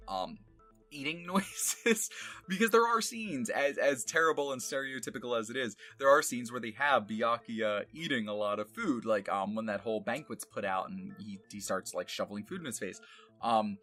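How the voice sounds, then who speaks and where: Explaining how he does voice work, this man meanders through his thoughts, amused by himself and full of fillers. He speaks in a mid-range voice with a sharp tone.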